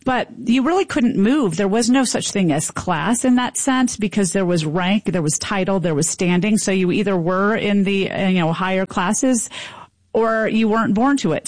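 A woman's voice: medium pitch, normal speed, a little mellow, no echo. Explanatory woman professor, dry sound. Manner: fluent, explanatory. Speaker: linguistics professor guest. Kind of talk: expert radio interview.

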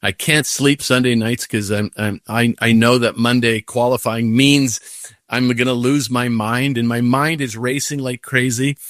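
Older man telling animated stories. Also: medium pitch, a little slow, no room sound, clean studio sound. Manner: animated storytelling with acted-out inner voices. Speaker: guest, professional golfer. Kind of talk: casual storytelling.

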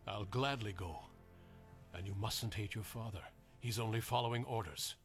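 An actor playing a calm, steadfast apostle, gentle and resolute. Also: male voice, fairly low pitch, normal speed, natural voice. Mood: serene. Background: music.

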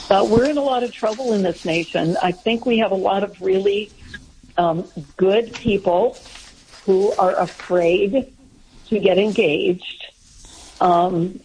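A woman's voice: medium pitch, dark tone, a little hiss or hum, poor audio. A woman on a casual talk show who agrees readily and chimes in with short affirmations.

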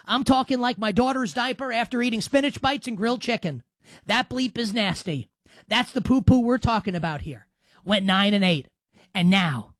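A man's voice: high-pitched, no echo. Male sports talk host, brash and emphatic, dry studio sound.

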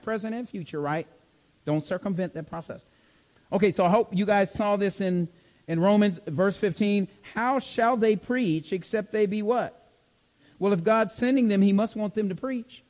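A man's voice: sits high, moderate pace, a little mellow. A man teaching a Bible study class, checking in often with his listeners and repeating key words for emphasis. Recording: long hall reverb.

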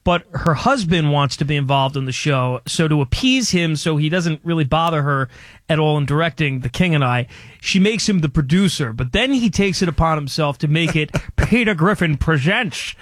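A man interviewing a guest, asking long, halting questions with many fillers. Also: fairly high pitch, lively intonation, dry recording, studio quality.

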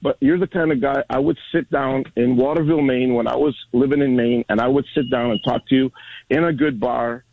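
A man's voice: mid-range voice, steady tone, a little fast, no room sound. A man in his sixties calling in to a sports radio show, friendly and rambling with many restarts. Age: 60s. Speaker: caller. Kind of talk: call-in radio chat. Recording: phone line, dry.

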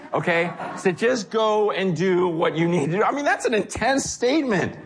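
Animated man preaching a sermon. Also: high voice, slightly rough. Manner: animated, swings from hushed to raised and quick. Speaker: pastor.

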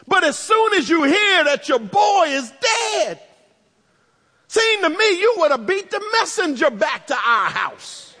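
A preacher voicing a hurt, indignant grieving sister. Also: male voice, very high voice, sharp tone, big-room sound, pitched above the performer's own voice, heavily acted. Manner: emphatic, raised preaching voice.

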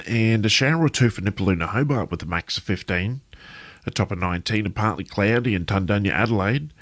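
A man reading a radio news bulletin in a steady, measured delivery. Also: lowish voice, dry recording. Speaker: newsreader.

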